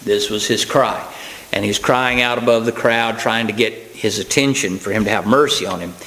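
Male preacher, conversational sermon, folksy asides, plain unhurried delivery with ums and restarts. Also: lowish voice, sharp tone, poor audio.

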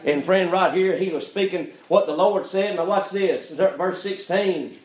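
Male preacher, high voice, fiery call-and-response sermon, echoey church sound. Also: unhurried, darkish tone. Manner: preaching with call-and-response, repeats "friend" and "why?". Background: congregation calling amen.

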